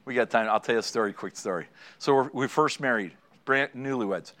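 Brisk and a bit bright, with a medium-pitched voice, a middle-aged male pastor speaks to married couples. He relates stories, addresses the people in front of him directly, and laughs at what he tells.

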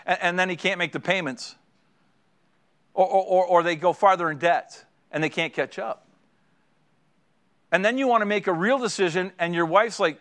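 Man, middle-aged, pastor, sermon, high-pitched voice, earnest, exhorting, repeats phrases. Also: moderate pace, fairly bright tone.

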